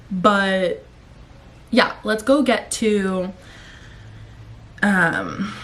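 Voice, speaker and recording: A woman's voice: medium pitch, a bit bright, slight background noise. A young woman vlogger talking casually to camera, out of breath and sore-throated, rambling, swearing and getting worked up. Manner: rambling, profane, emotional.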